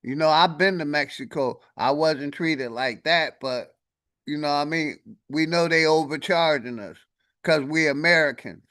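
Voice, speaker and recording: A man hosting a livestream, laid-back, reading off shout-outs to his chat. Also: a little high, moderate pace. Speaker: livestream host.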